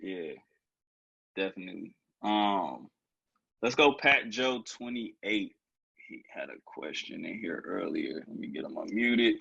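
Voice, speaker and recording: Co-host, man, low and relaxed, thoughtful and loose, dry, dull lo-fi recording. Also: a little slow, vocal fry, slightly rough, no room sound. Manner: laid-back, thoughtful, many "like"s. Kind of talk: casual chat on a video call.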